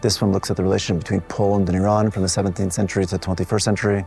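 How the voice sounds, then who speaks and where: A man who is an artist presenting his collective's exhibition, walking listeners through the works in a measured, explanatory way with occasional restarts. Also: deep voice, flat delivery, gravelly, darkish tone, soft background music. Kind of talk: gallery walkthrough talk. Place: art gallery.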